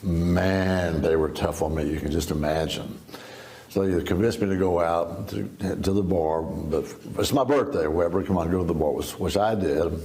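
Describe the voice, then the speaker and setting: Gravelly deep-voiced older man telling a story. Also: moderate pace, dark tone. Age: 70s. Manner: folksy, laughing storyteller. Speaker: interview guest. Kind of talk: storytelling testimony.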